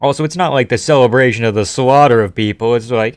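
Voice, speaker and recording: A man's voice: mid-range voice, fast talker, no room sound, studio quality. A man from Canada streaming live, reading out viewer comments and answering them offhandedly with casual swearing.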